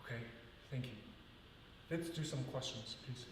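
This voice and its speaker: A man's voice: medium pitch, moderate pace, noisy background. Male ballet teacher, earnest, counts out rhythms; heard from across a long-reverb hall. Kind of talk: teaching a live ballet class. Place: large echoey dance studio. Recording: far-off voice in an echoey hall.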